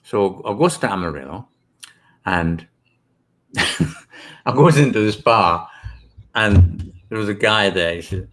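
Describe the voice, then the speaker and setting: A man's voice: on the low side, expressive, measured pace, long pauses, fairly bright tone, a little hiss or hum. A British man, an author and guest, telling rambling stories with many ums and restarts. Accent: British English. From Britain. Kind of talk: casual interview storytelling.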